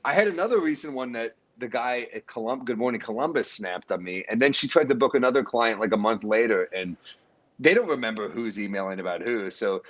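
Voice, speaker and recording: A man in his thirties, a comedian guest telling anecdotes in casual podcast chat, quoting others with animated voices. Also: mid-range voice, fairly quick, highs cut off.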